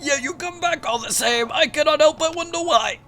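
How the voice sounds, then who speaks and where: A man voicing a cold older tyrant king, booming and theatrical, reading game dialogue aloud. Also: normal speed, bright, forceful tone, soft background music, heavily acted. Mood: imperious. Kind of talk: game dialogue read-along.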